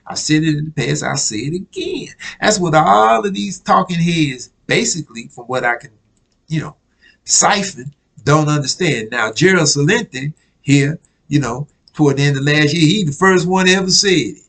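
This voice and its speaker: Gravelly preacher man, chatty sermon. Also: a little high, lively intonation, normal speed, fairly bright tone, poor audio. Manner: conversational, keeps asking "you follow me?"; repeats himself, restarts words. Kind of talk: street-style sermon reading news clippings.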